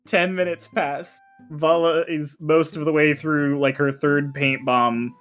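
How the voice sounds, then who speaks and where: A man's voice: on the high side, flat delivery, measured pace, fairly bright tone, faint music behind. A man narrating as dungeon master in a casual tabletop game session, swearing and joking with players. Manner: casual, swears, plays NPC voices.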